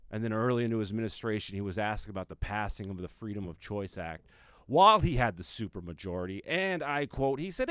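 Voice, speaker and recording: A low-voiced male comedian delivering a mock-serious rant, his voice swinging widely between booming lines and near-mutters. The sound is close and dry. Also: dry recording. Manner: mock-serious, dramatic pauses, drops to a mutter. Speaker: comedian host. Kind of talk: comedic monologue.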